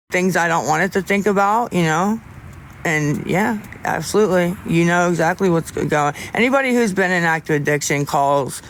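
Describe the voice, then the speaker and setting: A man's voice: a little high, a bit bright, a little hiss or hum. Candid rambling man on a livestream. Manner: rambling and halting, lots of restarts, candid. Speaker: livestreamer talking to viewers. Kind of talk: casual livestream chat.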